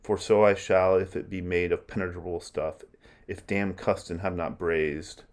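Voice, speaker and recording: A man's voice: sits low, steady tone, normal speed. A man reading aloud as a young prince who rebukes his mother, in plain verse reading. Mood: reproachful. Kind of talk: verse read aloud in class.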